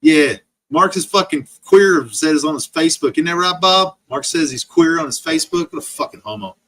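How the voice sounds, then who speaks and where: A man's voice: on the high side, very animated, fairly quick, gravelly, a bit bright. A man streaming an angry, profane rant full of insults. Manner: profane, insult-laden ranting.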